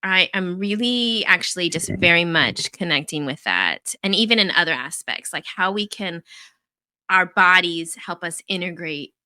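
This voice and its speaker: A woman's voice: on the low side, expressive, moderate pace, smooth, no room sound. A woman co-hosting a podcast, speaking reflectively and affirming her partner in casual chat. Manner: warm, reflective, affirming listener. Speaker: podcast co-host.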